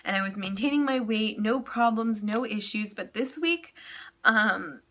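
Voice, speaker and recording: Young woman vlogger, bright clear voice, casual and candid, emotional, filler-heavy. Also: mid-range voice, animated, a little slow. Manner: candid, chatty, frequent ums and laughs. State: emotional, close to tears. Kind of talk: casual personal vlog.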